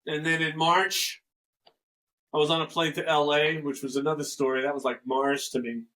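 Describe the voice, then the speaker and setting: An older man recounts his memories in a loose, rambling way and acts out the lines he quotes from others. His voice sits a little high and sounds bright and forceful. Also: little pitch movement, moderate pace, poor audio. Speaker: guest musician. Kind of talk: casual storytelling interview.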